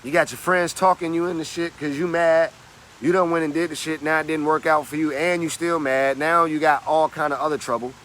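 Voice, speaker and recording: Bright-voiced emphatic motivational speaker, man. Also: fairly high pitch, steady tone, fairly quick, a little hiss or hum. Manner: emphatic, slangy, preachy storytelling. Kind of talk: motivational talk.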